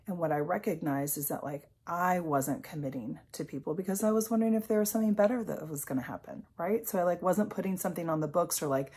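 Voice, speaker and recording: Low husky-voiced woman coach. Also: quick pace, hardly any pauses, darkish tone. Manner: casual and rambling, heavy on fillers and swearing. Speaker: life coach. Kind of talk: candid personal vlog talk.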